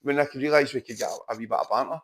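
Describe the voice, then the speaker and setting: A Scottish man, a mindset coach, telling stories in casual podcast chat, animated and swearing freely. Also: medium pitch, very fast. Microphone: podcast microphone.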